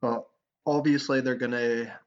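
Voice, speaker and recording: A man's voice: medium pitch, fairly even intonation, a little slow. A man co-hosting a casual film-review podcast, retelling scenes in an exasperated, rambling way. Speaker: podcast co-host. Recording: dull lo-fi recording.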